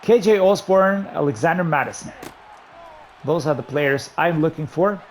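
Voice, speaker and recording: A man giving running commentary while playing a football video game, excitedly talking through his play calls to himself. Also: a little high, moderate pace, slight background noise. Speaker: gaming YouTuber. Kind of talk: live gameplay commentary.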